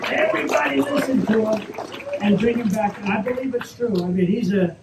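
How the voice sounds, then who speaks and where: A man's voice: high voice, brisk. A man giving an off-the-cuff Q&A speech as a politician, talking in a repetitive, boastful, rambling way full of asides. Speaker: politician answering audience questions. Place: event hall at a private club, live audience. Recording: echoey, dull audience recording with faint noise.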